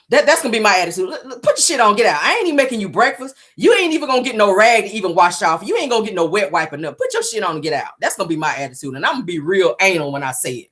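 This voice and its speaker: A woman's voice: on the low side, very animated, fast, a bit bright. A woman hosting her own show, giving casual gossip commentary in a sassy, profane way, laughing often and acting out both sides of a scene. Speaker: show host.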